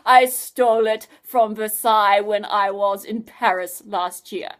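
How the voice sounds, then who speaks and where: A woman voicing a pompous, boastful male mad scientist who is quick to take offence, in a storybook reading. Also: mid-range voice, lightly acted. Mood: gloating. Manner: loud, theatrical and easily offended.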